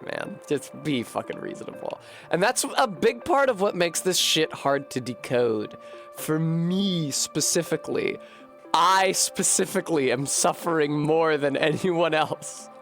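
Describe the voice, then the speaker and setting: A man streaming a game, thinking out loud in a rambling way, swearing freely and running himself down. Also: on the high side. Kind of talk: casual live-stream commentary.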